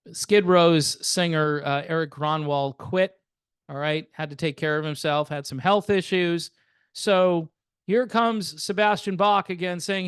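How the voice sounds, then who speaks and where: A man's voice: high-pitched, clean tone, no room sound, clean studio sound. An older man hosting a music channel, giving casual, rambling commentary in a sardonic, chatty way with plenty of fillers.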